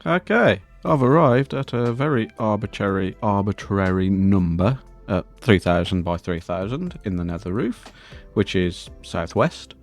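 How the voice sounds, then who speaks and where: A man's voice: fairly low pitch, animated, unhurried, soft background music. A man hosting a Minecraft let's-play, chatting casually and scolding the game's mobs in a mock-posh, indignant way. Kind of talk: casual gameplay commentary.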